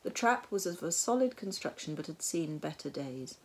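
Woman narrator, storybook reading, husky, measured, wry. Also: low voice, sing-song, darkish tone. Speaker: audiobook narrator.

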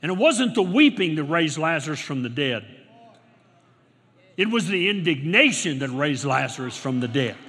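A middle-aged male pastor preaching a sermon, swinging from loud exclamations to quiet storytelling, recorded in a large church auditorium. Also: fairly high pitch, big pitch swings, normal speed. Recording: long hall reverb.

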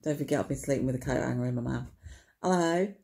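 A woman spins a rambling, wry tale straight to camera, her voice low-toned, dark and gravelly. She swears offhandedly and keeps checking in with little tag questions, repeating her punchlines. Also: little pitch movement, racing. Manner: chatty, full of tag questions and repetition. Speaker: vlogger. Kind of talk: rambling comic storytelling to camera.

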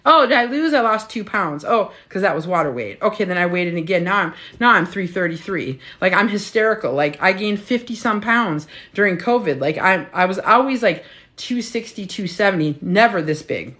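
A woman's voice: on the low side, expressive, brisk, a bit bright. A woman in her fifties, a weight loss coach, giving a casual motivational talk in a blunt, profane, preachy way, often tagging on "right?". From United States.

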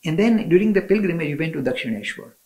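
A man's voice: fairly high pitch, lively intonation, fast, a little mellow, poor audio. A man telling spiritual stories as an interview guest, enthusiastic, often laughing and restarting his sentences. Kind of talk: storytelling in a conversation.

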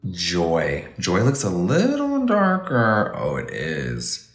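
A man's voice: sits low, huge pitch swings, takes it slowly, roomy sound. A man doing a casual live makeup review, gushing and exclamatory and calling viewers baby and honey. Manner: gushing, exclamatory, campy endearments. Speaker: makeup livestreamer.

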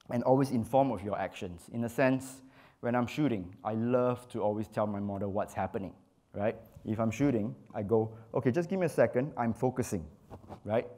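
A male photographer speaking to an audience from a conference stage. His talk is loose and conversational, full of tag questions and playful quoted asides. His voice sits at an ordinary, mid-range pitch. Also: a little mellow. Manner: casual, chatty, tag questions, acts out quoted lines. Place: stage in a large hall.

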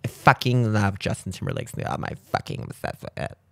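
A man's voice: on the low side, lively intonation, fairly quick, gravelly, fairly bright tone, dry recording, voice pushed down. A man mimicking a gushing young woman pop fan in a breathless, half-whispered voice.

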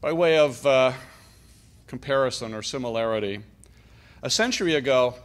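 A middle-aged man from Canada delivering an emphatic, deliberate political speech at a conference. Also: mid-range voice. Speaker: conference speaker.

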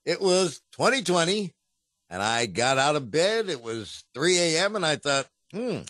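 A man's voice: fairly high pitch, very animated, moderate pace, fairly bright tone, no echo, clean studio sound. A man who works in radio, co-hosting a podcast in playful, chuckling casual chat. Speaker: podcast co-host and radio announcer.

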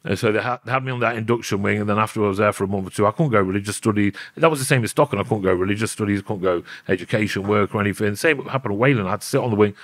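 A man's voice: on the low side, rapid-fire, hardly any pauses, dry recording, studio quality. A middle-aged man with a Nottingham accent, a podcast guest telling his story bluntly in a casual interview, with plenty of swearing. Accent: Nottingham English. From Nottingham, England.

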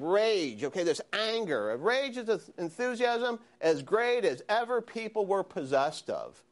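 A man lecturing a university history class, animated and questioning his students. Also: on the high side, unhurried, hardly any pauses. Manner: animated, asks students questions, frequent "okay?". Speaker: history professor.

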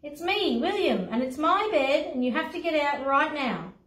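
An earnest little boy trying to get his guest to bed in a children's storybook, firm and bossy, as a woman reads his part. The voice sits high and swings lively. The room echoes, and the reader is off-mic. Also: normal speed. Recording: roomy echo, voice from a distance.

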